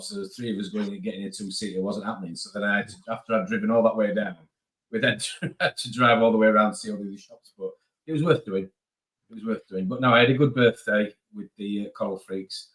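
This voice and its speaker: A man hosting a casual live stream, chatting quickly and greeting viewers by name. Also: on the low side, fairly bright tone, breathy edge. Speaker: host.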